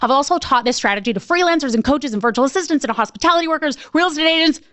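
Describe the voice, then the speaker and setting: High-pitched female coach, lively storyteller, dry close sound, acts out her reactions. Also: rapid-fire, no echo. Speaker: sales coach presenting a webinar. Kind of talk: storytelling presentation.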